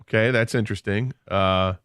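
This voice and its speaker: Low-voiced male co-host, loose and laughing, dry close mic. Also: fairly even intonation, normal speed, fairly bright tone, clean tone, no room sound. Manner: laughs often, rambling storyteller. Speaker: sports radio co-host. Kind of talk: casual sports radio chat. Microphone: studio microphone.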